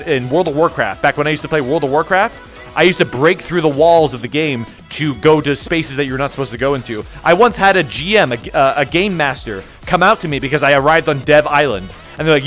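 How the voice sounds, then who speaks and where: A man's voice: on the high side, a bit bright. A young man chatting casually on a live stream, rambling and jokey as he reads chat aloud.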